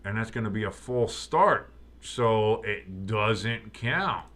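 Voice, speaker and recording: Talking slowly in a lowish voice, a male streamer offers casual, humorous play-by-play of a game in progress. He perks up excitedly for the big plays and addresses his chat directly.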